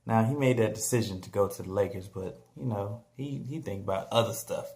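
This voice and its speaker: Gravelly animated man riffing on basketball. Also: brisk. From San Antonio, Texas. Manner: animated, joking, trash-talking, mimics teams and players in high mock voices. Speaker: vlogger. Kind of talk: casual basketball commentary vlog.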